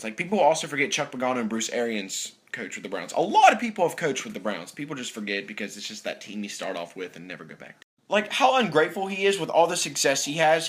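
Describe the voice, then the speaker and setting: A young man giving a profane, animated rant as a sports fan vlogger, mimicking players in between. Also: medium pitch. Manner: animated, swearing, mimics players in quoted voices.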